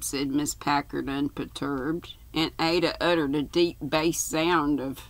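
An older woman slowly reading a novel aloud as a storyteller. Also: low-pitched, steady tone, no echo, low-quality recording.

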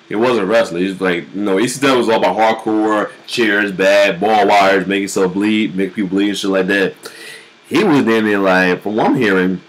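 A man hosting a reaction video, talking casually and then exclaiming loudly and swearing as he watches. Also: lowish voice, low-quality recording. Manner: loud, excitable exclamations and profanity.

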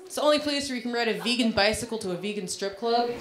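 A woman's voice: a little high, rapid-fire, heavy background noise. A woman performing a stand-up comedy set on a club stage, brash and crude, with self-deprecating punchlines. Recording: live club set with loud audience laughter. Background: audience laughing.

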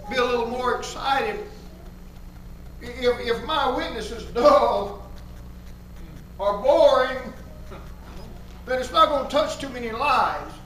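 A man preaches a fervent sermon in a very high, bright voice, repeating his key phrases for emphasis. He sounds far from the microphone, and his voice echoes heavily around the church sanctuary. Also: a little hiss or hum. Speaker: pastor.

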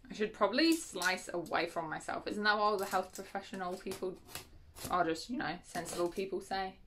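A woman's voice: mid-range voice, a little fast, fairly bright tone, a little hiss or hum. Giggly, self-correcting book vlogger, woman, casual at-home chat. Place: at home, unboxing parcels.

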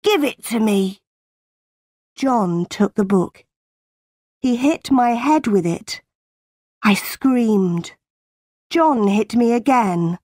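A woman narrating a graded-reader storybook in a clear, deliberate way. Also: a little high, lively intonation, a little mellow, no echo, clean studio sound.

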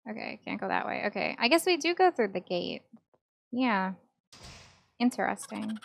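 A woman's voice: medium pitch, gravelly, a bit bright, dry recording. A young woman streamer doing casual, wry let's-play commentary and reading game lines aloud. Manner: casual, wry, mutters to herself. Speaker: gaming streamer.

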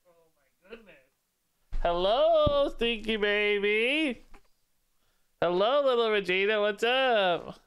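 A male game streamer talks in a relaxed, drawn-out way, cooing baby talk between remarks on the game. His voice is smooth and clear, and it leaps around in pitch with a bouncy, sing-song lilt. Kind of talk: casual live-stream chat.

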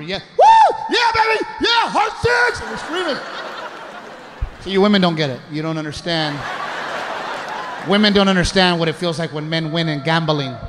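A man performing a stand-up comedy set, telling a story loudly and shouting out impressions. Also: fairly high pitch. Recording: live show with crowd noise. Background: audience laughter.

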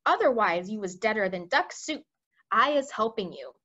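A woman's voice: mid-range voice, animated, moderate pace. A woman voicing a kind, clever male giant who speaks in jumbled, made-up words, read as a storybook. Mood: urgent. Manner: jumbled made-up words, gentle but urgent. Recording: dull lo-fi recording.

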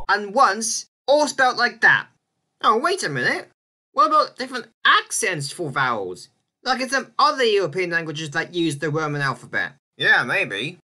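A woman talks through an explainer video over slides in a casual, chatty way, often checking in with a rising "yeah?". Her voice is bright and her pitch moves around a lot as she explains. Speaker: video creator explaining spelling reform.

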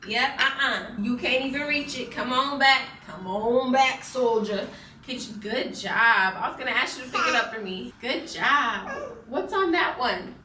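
A woman's voice: a little high, measured pace, slight background noise. A young woman filming a home vlog, talking in a playful sing-song way to her toddler and chatting casually to viewers. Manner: sing-song baby talk, playful and animated. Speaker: vlogger and mom. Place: home, indoors. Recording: roomy, slightly distant home camera audio.

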